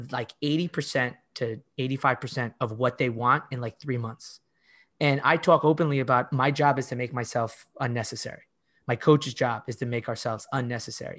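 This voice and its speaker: On a laid-back podcast interview, a middle-aged fitness coach with a mid-range, slightly bright voice recounts stories emphatically. He often performs his own past lines, with frequent "like" fillers and restarts.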